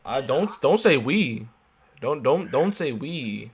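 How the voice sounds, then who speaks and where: A man's voice: mid-range voice, sing-song, slow pace, husky. A man co-hosting a podcast in casual chat, blunt and emphatic in his opinions. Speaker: podcast co-host.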